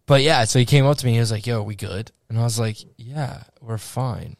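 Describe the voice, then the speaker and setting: Young guy on a podcast, mid pitch, dry close sound, swears a lot and does everyone's lines in his stories. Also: a little fast, creaky, no echo. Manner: animated storyteller, swearing, acts out quotes. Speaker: podcast co-host. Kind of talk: casual chat.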